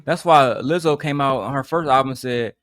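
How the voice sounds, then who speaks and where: A man's voice: medium pitch, fairly quick, a bit bright, no echo, studio quality. A man hosting a reaction livestream, talking in a blunt, profane, ranting way. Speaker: livestream host. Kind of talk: casual reaction stream chat.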